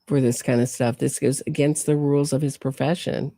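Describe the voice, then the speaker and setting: A woman's voice: rumbling low, fairly even intonation, a little fast, mellow, no room sound. A woman hosting a true crime show, giving sarcastic, incredulous commentary full of pointed questions. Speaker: true crime podcast host.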